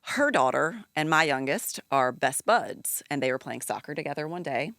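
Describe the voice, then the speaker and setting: Low-voiced woman with a Southern accent. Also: animated, moderate pace, dry recording, studio quality. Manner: chatty, warm, laughs easily, many fillers. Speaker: guest. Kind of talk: casual chat.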